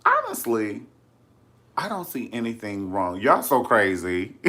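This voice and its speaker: A man's lowish voice comes across pushed and bright as he chats to camera about celebrity gossip. He's a sassy, dramatic vlogger who often calls his viewers honey.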